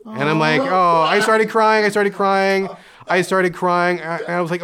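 A young man telling a candid personal story in an interview, animated, acting out his parents' voices and laughing often. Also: sits high, moderate pace. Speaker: interview guest.

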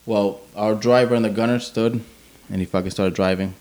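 Profane, low-voiced veteran storyteller. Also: male voice, moderate pace. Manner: profane, animated, acts out quotes. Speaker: army veteran guest. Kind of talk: casual war storytelling.

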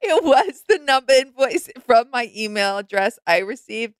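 A woman's voice: on the high side, big pitch swings, moderate pace, clear, resonant tone, no room sound. A young woman co-hosting a podcast, gossiping animatedly and acting out quotes in casual chat. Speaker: podcast co-host.

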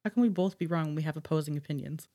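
A woman from Canada co-hosting a casual podcast, giving sarcastic, deadpan comebacks. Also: low voice, racing. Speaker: podcast co-host. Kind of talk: casual chat.

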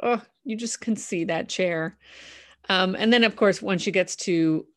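A woman's voice: medium pitch, unhurried. A woman host talking through a musical's songs in a casual, enthusiastic and chatty way, with fillers. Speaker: podcast host analysing a musical. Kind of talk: casual analytical commentary.

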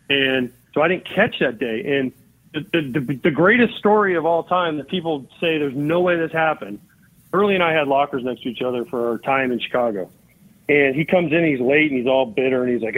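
A man's voice: fairly high pitch, fast talker. A man in his forties, a podcast guest and former baseball catcher, telling a long story and acting out both sides of old conversations. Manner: animated, acts out both sides of remembered dialogue. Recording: phone-like narrow-band line.

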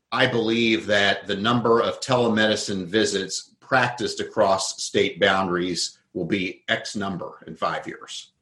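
A man with a lowish voice talks through his ideas as an interview guest. He explains thoughtfully, building points from concrete examples. The room around him is noticeably echoey. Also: sharp tone. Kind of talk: conversational interview.

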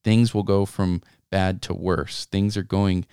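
Deep, smooth-voiced man musing on scripture. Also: level tone, slow pace, dark tone, dry recording, clean studio sound. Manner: earnest, conversational, with many restarts and asides. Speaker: co-host reading and discussing scripture. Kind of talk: reflective devotional talk.

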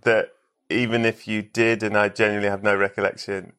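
A man's voice: on the low side, flat delivery, fairly quick, fairly bright tone, clean tone. A man hosting a podcast, chatting casually and teasing his guest in a playful way. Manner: playful, teasing, mock-grand announcing. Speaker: podcast host. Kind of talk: casual chat.

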